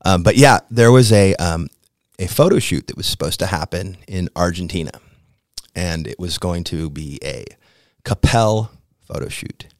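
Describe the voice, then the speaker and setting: A man in his fifties from the American Midwest, a podcast guest telling a story in a laid-back, slangy way that gets animated as it builds. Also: low voice, normal speed, no echo, clean studio sound. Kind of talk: casual storytelling.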